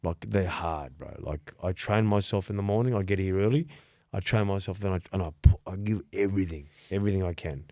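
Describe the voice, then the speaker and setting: A man's voice: low-pitched, brisk, dry recording, clean studio sound. A man, host of a casual podcast chat, telling stories with lots of swearing and acted-out dialogue. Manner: animated storytelling, heavy swearing, acts out quoted dialogue.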